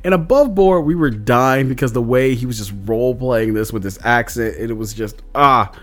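A man's voice: mid-range voice, normal speed, fairly bright tone. A man casually recapping his tabletop game session as a podcast host, rambling with lots of fillers. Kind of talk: casual chat.

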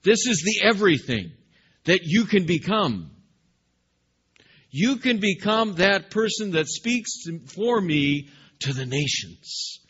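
A man voicing a stern, fatherly divine figure in a slow, emphatic parental tone. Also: sits high, big pitch swings, a bit bright, breathy edge, highs cut off, pitched above the performer's own voice, exaggerated voice. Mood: firm.

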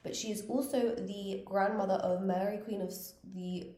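A woman's voice: medium pitch, fairly even intonation, moderate pace, mellow. A woman co-hosting a casual history podcast, chatting loosely with many fillers and restarts. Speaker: podcast co-host. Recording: roomy echo.

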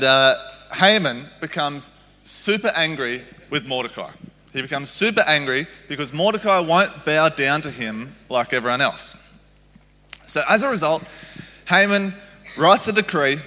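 A man preaching a family sermon, his voice bright and forward. He tells the story plainly and pauses to check in with his listeners. The sound carries a long reverb from the hall. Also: fairly high pitch. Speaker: guest speaker. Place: church hall.

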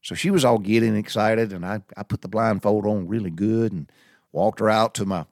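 A man's voice: fairly low pitch, brisk, a little mellow, no room sound, studio quality. A man telling viewers a long personal story in a folksy, easygoing way. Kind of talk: casual anecdote told to viewers.

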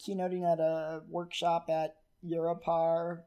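A man's voice: fairly high pitch, completely flat delivery, a little slow, smooth, highs cut off. A man co-hosting a podcast, telling a story and teasing his partner in casual chat. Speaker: podcast co-host.

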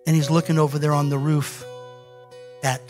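A male pastor preaching a sermon, telling a scripture story in an animated way and acting out the quoted lines. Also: a little high, normal speed, faint music behind.

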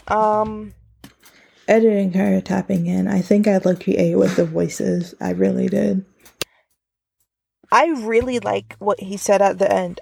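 A woman's voice: medium pitch, gravelly, a little mellow. A woman hosting a casual solo podcast from inside her car, chatty and full of filler words. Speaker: podcast host.

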